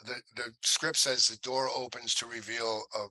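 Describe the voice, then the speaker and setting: A man's voice: medium pitch, moderate pace, no room sound, poor audio. An older male actor as interview guest, telling anecdotes casually and acting out the lines of people in them. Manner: animated anecdote teller, acts out quoted lines.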